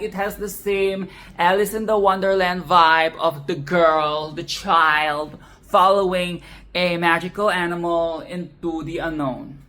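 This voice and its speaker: Woman, casual film rant, sarcastic, swearing, lowish voice, unhurried. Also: fairly bright tone. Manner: profane, exasperated, sarcastic. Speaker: film commentary video host.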